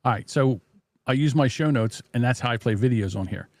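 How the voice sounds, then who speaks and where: A man hosting a casual live stream from his home desk, muttering to himself as he fiddles with the software and making blunt, profane jabs. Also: mid-range voice, fairly quick, no room sound. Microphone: desk microphone.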